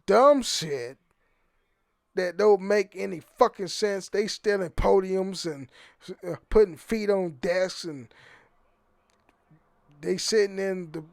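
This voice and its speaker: A young man with a fairly high voice rambles through his own podcast, swearing freely and tripping over repeated words. The sound is close and dry, with no room around it. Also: takes it slowly, vocal fry, pauses often, dry recording. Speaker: podcast host. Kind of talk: rambling casual monologue.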